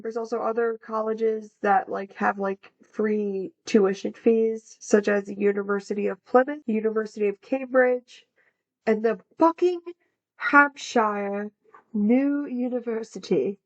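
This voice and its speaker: Young American woman, podcast co-host reading facts casually; a touch high, muffled lo-fi audio. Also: steady tone, a little slow. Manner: chatty, reads facts with casual fillers. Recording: dull lo-fi sound.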